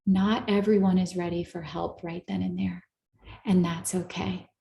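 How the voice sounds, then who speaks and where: A woman therapist giving an earnest, coaching talk to a live audience, slowing down to stress her points. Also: on the low side, level tone, vocal fry, mellow, echoey room, dull audio. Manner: earnest, coaching, slows down for emphasis. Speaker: therapist and speaker.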